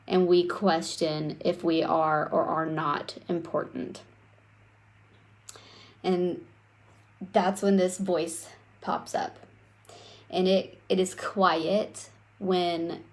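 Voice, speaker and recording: A woman whose voice sits on the low side, darkish in tone, coaches listeners on self-worth. Her casual teaching talk is conversational, full of "right?" at the end of points, with the occasional swear word.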